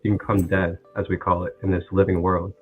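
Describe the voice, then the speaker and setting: A man speaking calmly and philosophically in a spiritual conversation, over tinny phone-line audio. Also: deep voice, husky, faint music behind. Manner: calm, philosophical, explaining slowly.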